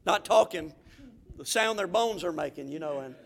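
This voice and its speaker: A man's voice: sits high, lively intonation, normal speed, creaky, a bit bright. A man with a Southern accent from the Florida panhandle, preaching a fervent sermon as a pastor, with many restarts and rising exhortations.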